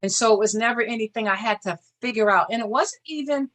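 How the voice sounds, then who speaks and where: Bright-voiced older woman, earnest guest. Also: fairly high pitch. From Boston area. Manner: earnest, measured, speaks in short restarts. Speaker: interview guest, former state senator. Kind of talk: reflective interview talk.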